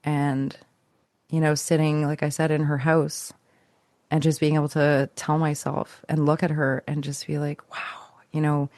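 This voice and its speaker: A woman speaks as a podcast guest, recounting her own story with a gravelly edge to her voice. She talks in a reflective, searching way, restarting phrases and letting them trail off. The recording sounds dry and close. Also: deep voice, little pitch movement, moderate pace, darkish tone, no echo. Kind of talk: personal storytelling.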